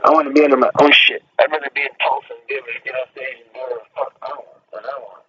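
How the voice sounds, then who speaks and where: A man's voice: medium pitch, steady tone, rapid-fire, bright, forceful tone. Boastful, profane man on a lo-fi mic. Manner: boastful, profane, rambling with many fillers. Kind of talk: casual chat. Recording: distant, dull lo-fi mic with faint noise.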